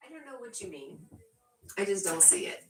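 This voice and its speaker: A woman's voice: medium pitch, very animated, moderate pace, a little hiss or hum. A woman hosting a casual livestream, reading viewer comments aloud and laughing often between her remarks. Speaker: livestream host. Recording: roomy echo, distant from the mic.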